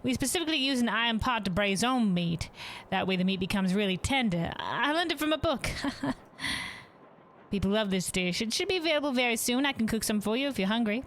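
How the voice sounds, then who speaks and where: Woman reading as a bubbly hotel cook, high and eager, proud of her food. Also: animated, fairly quick, a little hiss or hum, natural voice. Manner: bright, eager, hospitable read-aloud. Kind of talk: reading game dialogue aloud.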